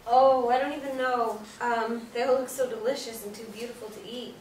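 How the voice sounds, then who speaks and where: A woman's voice: mid-range voice, fairly even intonation, normal speed, dark tone, a little hiss or hum, pitched above the performer's own voice, lightly acted. A woman voicing a wide-eyed, nervous young woman with breathless wonder, in a screenplay read-through. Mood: awed. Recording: echoey room from far off.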